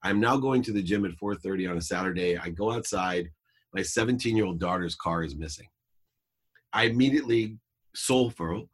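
A middle-aged man with a husky, somewhat breathy voice sits down as a podcast guest. His voice sits low, and he talks in an earnest, reflective way, leaning on points to stress them. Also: moderate pace. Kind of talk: podcast interview storytelling.

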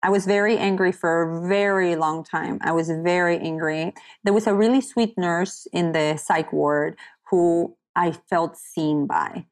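A woman's voice: fairly low pitch, fairly even intonation, unhurried. A woman sharing a personal story as a podcast guest, talking candidly and earnestly, often quoting what others said to her. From United States. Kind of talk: personal story in casual conversation.

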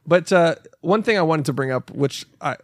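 A young man rambles through a loose, profane podcast chat and keeps breaking into goofy voices. His voice sits a little high for a man. The sound is close and dry. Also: expressive, normal speed, no echo. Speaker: podcast co-host. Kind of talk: casual chat.

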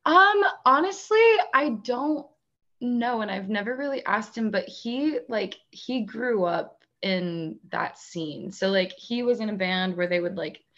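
A woman in casual chat, talking in a relaxed, rambling way with lots of fillers and frequent laughs. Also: mid-range voice, a little slow, lo-fi sound. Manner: chatty, many "like" fillers, laughs often.

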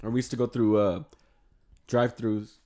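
A young man telling stories in casual chat. He talks with slang and swearing, laughs often, and gets loud when acting out his friends. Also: lowish voice, little pitch movement, normal speed. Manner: slangy and profane.

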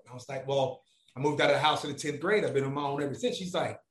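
Speaking at a quick pace in a roomy-sounding space, a man whose voice sits on the high side spins a long, profane personal tale. He keeps it animated and casual, imitating the voices of the other people in the story.

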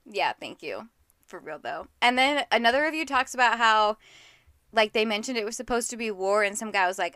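A woman's voice: on the high side, fairly quick, dry recording, studio quality. A woman co-hosting a casual book chat, animatedly acting out what characters say. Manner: animated, acts out characters' lines. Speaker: podcast co-host.

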